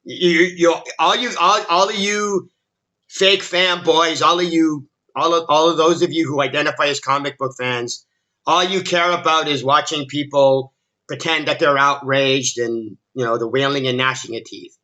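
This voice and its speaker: Man, fairly high and sharply bright voice, sarcastic exasperated ranting host, trips over repeated words. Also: fairly even intonation, normal speed, rough recording. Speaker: commentary channel host. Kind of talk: ranting video commentary.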